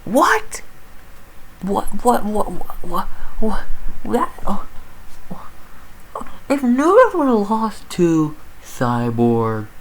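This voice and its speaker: A woman giving a profane, exasperated rant about a fight result, talking with loud disbelief and constant swearing. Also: medium pitch, sing-song, drawn-out words, pauses often, poor audio. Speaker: MMA commentator. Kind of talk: sports recap rant.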